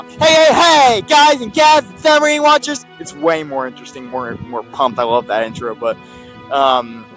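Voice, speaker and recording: A man in a loose, rambling retrospective, chatting about his old videos. He stops and restarts often, drifting into asides. His voice sits in an ordinary middle pitch, and soft music plays faintly in the background. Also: rough recording. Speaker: video creator looking back on his channel.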